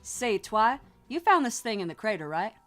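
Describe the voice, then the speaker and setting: A man's voice: high voice, very animated, normal speed, a bit bright, faint music behind, pitched above the performer's own voice. A man reading aloud and voicing a blunt, folksy young farm pony girl.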